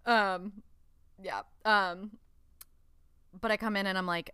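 A woman's voice: medium pitch, steady tone, slow, long pauses, pushed and bright, smooth, no echo. Young woman, podcast co-host, casual profane banter, dry close sound. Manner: candid, profane, laughs often. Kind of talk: casual chat.

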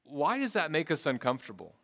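A middle-aged pastor preaches in a church sanctuary, earnest and conversational, often restarting his sentences. His voice is a little high and a bit bright, fairly quick, with wildly swooping pitch. A long reverb from the large hall fills the recording.

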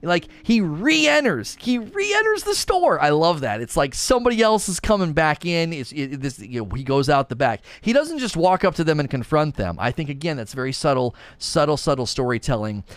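Man giving a casual, animated spoken review. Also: on the high side, brisk, few pauses, no echo. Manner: many fillers and restarts. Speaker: show reviewer.

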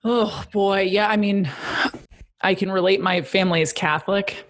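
A woman hosting a casual conversation, chatty and animated, telling personal stories with plenty of "like" fillers. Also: medium pitch, moderate pace. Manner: chatty and animated, acts out quoted voices.

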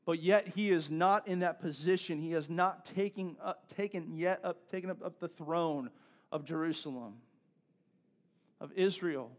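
A man's voice: a little high, normal speed. A male pastor preaching a sermon in a conversational way, repeating himself and building to emphatic peaks.

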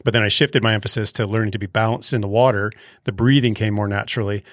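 A man co-hosting a podcast, calmly recounting his own progress in casual chat. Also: lowish voice, fast, no room sound. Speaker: podcast co-host.

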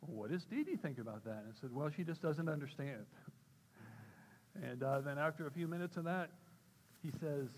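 An older man giving a personal testimony talk at church, telling a story and acting out quoted voices with sudden jumps in pitch. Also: lively intonation, brisk, pauses often, darkish tone, a little hiss or hum, rough recording. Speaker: church speaker.

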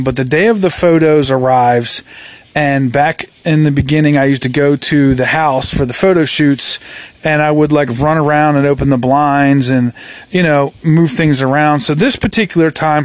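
A man, a real estate agent, telling a story in a casual monologue, chatty and animated. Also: on the high side. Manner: chatty, many fillers and restarts, animated.

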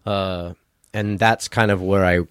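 Male podcast guest, lowish voice, jokey and easygoing. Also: fairly even intonation, a little slow, smooth, dry recording, clean studio sound. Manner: playful, laughs often. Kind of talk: casual interview chat.

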